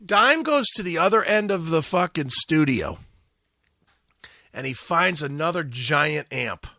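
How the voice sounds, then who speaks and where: A man's voice: fairly high pitch, lively intonation, a little slow, sharp tone, dry recording, clean studio sound. A man hosting a radio talk show, telling a long profane story and acting out the quotes. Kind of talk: casual storytelling.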